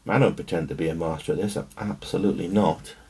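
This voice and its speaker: A man's voice: sits low, steady tone, fast, gravelly, warm tone, slight background noise. A man thinking aloud to himself as he works, rambling and muttering. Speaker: watch-building hobbyist. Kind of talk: thinking aloud while working.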